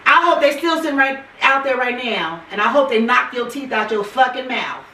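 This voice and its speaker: A Californian woman venting in a heated casual chat, swearing freely and hammering her points with repetition. Her voice is bright and swings widely in pitch. She sounds a bit distant, in a roomy space with faint noise behind. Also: animated, moderate pace. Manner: profane, emphatic, repeats herself.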